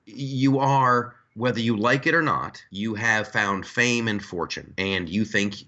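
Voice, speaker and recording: A man's voice: fairly low pitch, unhurried, dull audio. A man hosting a podcast, joking and ranting in casual political chat. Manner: joking, ranting, animated asides. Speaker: podcast host.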